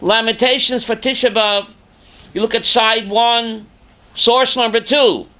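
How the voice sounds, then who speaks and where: High-voiced older rabbi lecturing dramatically. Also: male voice, fairly even intonation, measured pace, clear, resonant tone. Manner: dramatic, rising to shouts when quoting scripture, questioning students. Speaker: rabbi teaching a class. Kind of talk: Torah class lecture.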